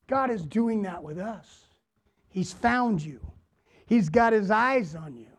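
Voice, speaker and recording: A man preaching a sermon as pastor to his congregation, deliberate, repeating phrases and asking them questions. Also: very high-pitched, expressive. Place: church, before a congregation.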